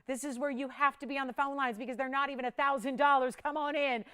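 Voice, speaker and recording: A woman hosting a live home-shopping show, pitching jewelry in an upbeat, urgent, chatty way and counting down prices. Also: steady tone, quick pace, bright, forceful tone.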